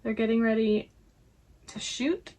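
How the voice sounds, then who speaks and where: A woman's voice: fairly high pitch, unhurried, warm tone. A young woman casually recapping a TV episode, retelling it chattily with frequent fillers. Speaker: show recap vlogger.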